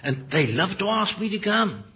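Very husky, lively preacher man. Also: sits high, moderate pace. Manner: emphatic, full of rhetorical questions; apologetic self-corrections. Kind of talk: sermon. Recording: dull lo-fi recording.

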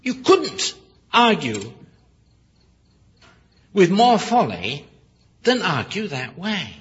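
A man preaching a sermon, emphatic and full of rhetorical questions, often pausing to correct himself with apologies. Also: high-pitched, very animated, a bit bright, husky. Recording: dull lo-fi recording.

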